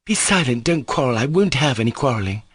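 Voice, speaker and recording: A man voicing Grushenka, a proud, quick-tempered young woman who scolds and orders people about in a storybook reading. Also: medium pitch, dry recording, studio quality, pitched above the performer's own voice, close to an everyday voice. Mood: imperious. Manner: scolding, imperious.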